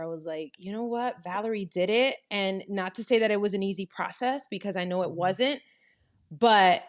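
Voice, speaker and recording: A woman guest on a podcast, talking earnestly and a little ramblingly about letting go of fear. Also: mid-range voice. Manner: earnest, rambling, self-encouraging. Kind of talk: casual podcast chat.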